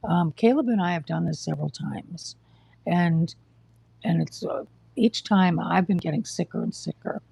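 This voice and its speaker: A husky, gravelly voice, low and mellow, heard dry and close on a casual live stream. The speaker is short of breath, coughs, and talks in a blunt, exasperated, lecturing way. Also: normal speed, dry recording. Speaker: livestream host telling of hospital care.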